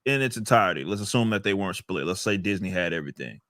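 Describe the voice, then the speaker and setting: A man's voice: low-pitched, animated, fast talker, fairly bright tone, no room sound. Profane ranting man, dry sound. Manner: ranting, profane, repeats words while thinking. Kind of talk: casual podcast chat.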